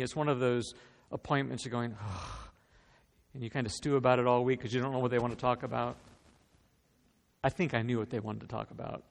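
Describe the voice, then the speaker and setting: Male pastor, gravelly voice, earnest storyteller, preaching a sermon in a big echoing hall. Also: mid-range voice. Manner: earnest, storytelling, repeats words when starting a phrase. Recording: long reverb of a large hall.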